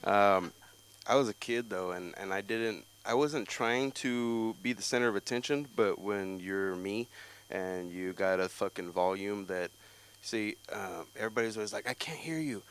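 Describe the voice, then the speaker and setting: A young man doing stand-up at an open mic, telling rambling, profane stories and breaking into loud outbursts. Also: lowish voice, normal speed, clean tone, poor audio. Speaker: stand-up comic.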